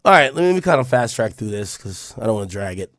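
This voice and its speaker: A man's voice: on the low side, sing-song, fast, fairly bright tone, dry recording, studio quality. A man streaming live, reading posts aloud and muttering his reactions to himself, rambling and swearing freely.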